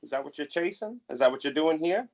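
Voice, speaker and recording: A man's voice: on the high side, animated, fast talker, gravelly, darkish tone. A man voicing a suspicious male city guard who questions a suspect in a probing, coaxing way and calls him sir.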